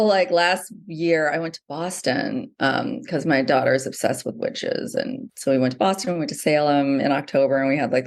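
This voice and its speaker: A woman's voice: low-pitched, creaky, darkish tone. A middle-aged woman, a novelist being interviewed, talking animatedly with many fillers and restarts. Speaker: novelist guest. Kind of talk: conversational interview.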